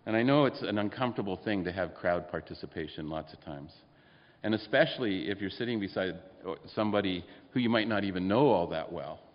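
A pastor with a deep, expressive voice preaches a sermon in church, a little fast, speaking conversationally and posing questions to the congregation. The dull lo-fi recording has long hall reverb.

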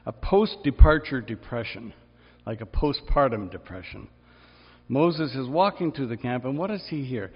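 Animated male preacher in a reverberant hall. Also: normal speed, husky. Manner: animated, acts out quoted cries in a high strained voice. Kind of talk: sermon. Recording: dull sound, long reverb in a large hall.

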